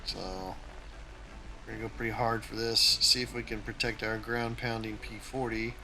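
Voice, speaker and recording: A man's voice: lowish voice, flat delivery, moderate pace, sharp tone, slight background noise, rough recording. A man hosting his own gaming channel, giving a casual, tactical play-by-play of his flight game as he plays.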